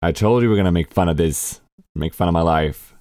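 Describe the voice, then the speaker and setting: Young Swedish podcast host with a learned American accent, low voice, candid and self-mocking, close dry mic. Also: male voice, a little fast, mellow, clean tone, no room sound. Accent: American English learned by a Swedish speaker. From Sweden. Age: 20s. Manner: chatty, candid, swears casually, laughs at himself. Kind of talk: casual solo podcast monologue.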